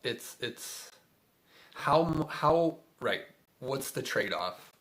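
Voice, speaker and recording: A man's voice: mid-range voice, expressive, very slow, a bit bright. A man hosting a casual spiritual talk, rambling with many fillers and frequent chuckles. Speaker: spiritual host.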